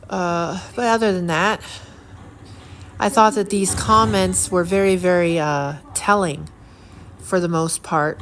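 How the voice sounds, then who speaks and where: Indignant middle-aged woman vlogging. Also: lowish voice. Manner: indignant, rambling, with many fillers and repeated words. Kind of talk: casual monologue to camera. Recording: steady audible background noise.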